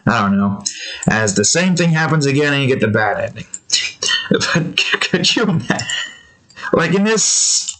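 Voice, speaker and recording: A man's voice: medium pitch, big pitch swings, normal speed, pauses often, a bit bright. Rambling man chatting while drawing. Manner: rambling, laughing, meandering tangents. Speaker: artist and channel host. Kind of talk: casual drawing commentary.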